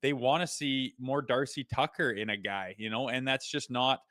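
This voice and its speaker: A man co-hosting a casual hockey podcast, talking excitedly and rambling with lots of "like" as he breaks down plays. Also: mid-range voice, normal speed, no echo, clean studio sound. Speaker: co-host; father. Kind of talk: casual sports podcast chat.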